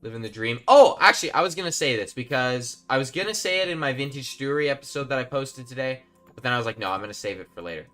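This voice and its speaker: A man's voice: mid-range voice, expressive, fast, fairly bright tone, soft background music. A man live-streaming a game, chatting casually and rambling to his viewers while he plays. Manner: chatty, rambling, talks to chat while playing.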